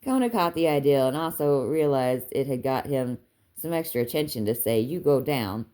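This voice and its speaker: Woman, Southern accent, low voice, audiobook reading, lifts voice for dialogue. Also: animated, warm tone. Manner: unhurried storytelling, lifts her voice for dialogue. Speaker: audiobook reader. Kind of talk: reading a book aloud.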